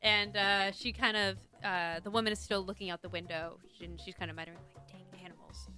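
A woman runs a tabletop game as its narrator. Her tone is bright and forward, and she pieces her descriptions together loosely, full of small pauses and restarts. Soft music plays faintly behind her. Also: mid-range voice, steady tone. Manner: hesitant, filler-heavy description. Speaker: game master.

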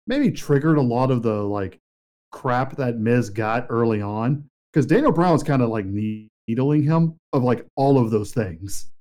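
A young man co-hosting a casual podcast, telling a story with excitement. He acts out the lines of the people in it. His voice has a mellow, warm tone. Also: medium pitch, a little slow. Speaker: podcast co-host. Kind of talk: casual chat.

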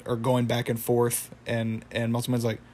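Rambling man with a flat voice. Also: medium pitch, normal speed. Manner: rambling, self-correcting, chuckles, acts out quotes. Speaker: cartoon episode recapper. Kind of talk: casual retelling with impressions.

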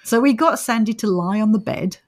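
Her voice a little high and her delivery fairly quick, an Australian woman co-hosting a casual paranormal podcast tells the story chattily and laughs a lot.

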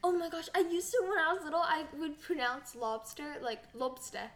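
A woman's voice: very high-pitched, expressive, brisk. A young American woman co-hosting a casual podcast, giggly and rambling, full of "like" and tangents. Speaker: podcast co-host. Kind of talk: casual chat.

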